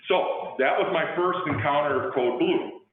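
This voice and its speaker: A man's voice: a little high, a little slow, a little hiss or hum. A middle-aged man, a police chief, giving a talk in a conversational storytelling style and acting out the dialogue in his anecdotes. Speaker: guest speaker, police chief. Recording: tinny phone-like line with heavy echo.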